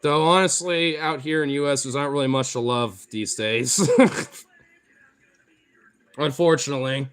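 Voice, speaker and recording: A man with a Pacific Northwest accent, a streamer chatting casually with viewers, excitable, swearing freely and laughing often. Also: medium pitch, measured pace, long pauses, clean tone. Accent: Pacific Northwest American. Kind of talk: casual chat answering viewer comments.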